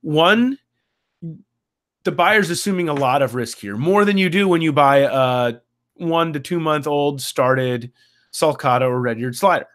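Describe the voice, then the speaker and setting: A man's voice: fairly high pitch, measured pace, a bit bright. Hesitant male podcast co-host. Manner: hesitant, many restarts and fillers. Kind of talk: casual chat.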